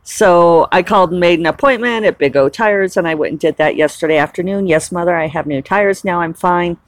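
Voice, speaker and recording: A woman's voice: fairly low pitch, brisk, no room sound. A woman in a casual, rambling chat who laughs often as she talks through her week. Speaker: author and vlogger.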